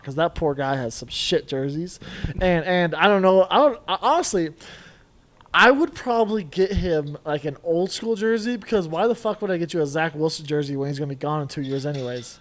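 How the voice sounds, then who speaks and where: A man's voice: on the high side, a little fast. A man co-hosting a sports podcast, swearing a lot and bursting into laughing outbursts. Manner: profane, excitable, laughing outbursts. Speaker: podcast co-host. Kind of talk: casual sports banter. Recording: echoey and distant with background noise.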